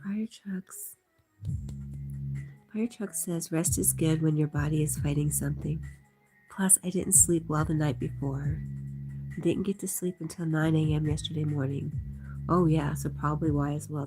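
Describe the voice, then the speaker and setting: A middle-aged woman hosting a livestream, chatting casually, reading viewer comments aloud, and laughing often. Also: deep voice. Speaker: livestream host. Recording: music playing in background.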